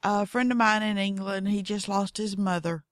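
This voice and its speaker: A woman's voice: medium pitch, fairly even intonation, normal speed, no room sound, studio quality. A woman with a Southern accent hosting a podcast, telling goofy, folksy stories in casual monologue. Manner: goofy, folksy, acts out her cats in voices. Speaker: podcast host.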